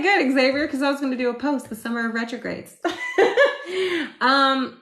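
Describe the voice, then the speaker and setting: A woman hosts a casual live stream, loud and talkative. She answers viewers and tells rambling stories, breaking into laughter often. Her voice sits in a roomy, echoing space, recorded on a phone. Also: fairly high pitch, moderate pace. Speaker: astrology livestream host. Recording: roomy echo.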